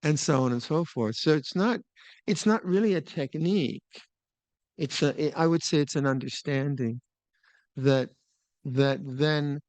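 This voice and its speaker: An older man teaching meditation at a retreat, talking in a relaxed, musing way with small laughs and restarts. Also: medium pitch, dry recording. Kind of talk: Dharma talk at a retreat. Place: retreat hall.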